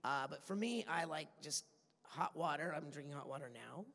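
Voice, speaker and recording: A man with a fairly high, bright, forceful voice chats playfully and laughs a lot while answering fans. The sound carries a long, echoey hall reverb from a large convention room. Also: expressive, normal speed, gravelly. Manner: chatty and playful, laughs often. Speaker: voice actor on a convention panel. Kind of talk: casual panel answers.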